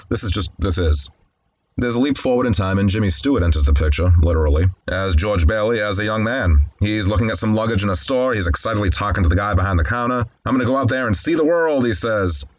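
A man's voice: fairly low pitch, brisk, muffled recording. A man casually recapping a classic film, candid and conversational with wry asides. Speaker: film commentator.

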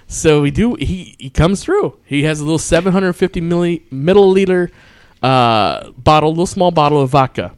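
A man's voice: on the high side, lively intonation, normal speed, clear, resonant tone, no echo. A man casually telling a wild night-out story, swearing freely and breaking into laughter. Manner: profane, laughing, quotes people in voices.

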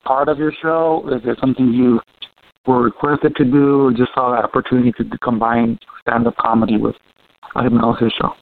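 A man with a Mexican Spanish accent hosting a casual comedy podcast interview, talking in halting, loose phrases. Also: medium pitch, little pitch movement, no room sound. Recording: gravelly voice on a tinny phone-like line.

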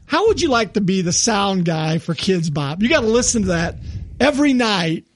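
An older man chats casually on a podcast, laughing often and pausing to clear his throat. His voice sits high for a man. The sound is dry and close, with no room around it. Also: big pitch swings, no echo. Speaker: podcast co-host. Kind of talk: casual chat.

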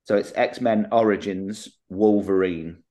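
A man's voice: fairly low pitch, steady tone, slow, dark tone. A young adult man co-hosting a podcast, rambling and hesitant, trailing off mid-thought. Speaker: podcast co-host. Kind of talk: casual chat.

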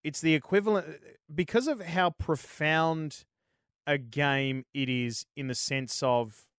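Australian male podcast host, slightly high voice, loose sweary banter, dry close sound. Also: slow, clean tone, no room sound. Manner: swears freely, rambling, animated. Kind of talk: casual gaming chat.

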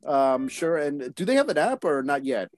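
A man's voice: fairly high pitch, very animated, darkish tone, no room sound, soft background music. A man co-hosting a casual podcast, firing off crude one-liners and laughing. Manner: quick crude quips, laughing. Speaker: podcast co-host. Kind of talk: casual stoner banter.

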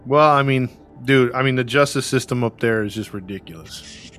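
A man's voice: mid-range voice, moderate pace, a bit bright, faint music behind. A man who narrates a true crime podcast, chatting in an easygoing way and chuckling along. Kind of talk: casual chat.

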